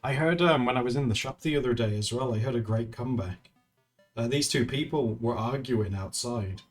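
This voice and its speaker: A man's voice: mid-range voice, a little fast. A man chatting casually on a live stream, laughing often and retelling stories. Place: indoors at home. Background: faint music.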